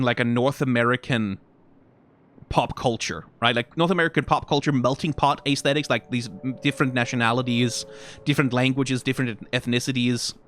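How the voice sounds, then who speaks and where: Rambling man reacting casually. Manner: rambling, frequent fillers and self-corrections; animated, pitch jumps when excited. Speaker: streamer reacting to character designs.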